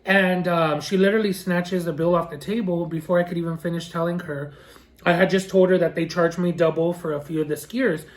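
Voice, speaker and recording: A man tells a food-vlog story in a fairly high voice, animated and indignant. He fills his talk with little pauses and restarts, and switches voices to act out what people said. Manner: re-enacts dialogue in shifting voices. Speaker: food vlogger. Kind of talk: story time.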